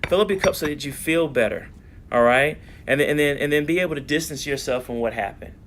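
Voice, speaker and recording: A man giving an energetic, preacherly faith-based self-help talk online, often checking in with "all right?". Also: on the high side, fast talker.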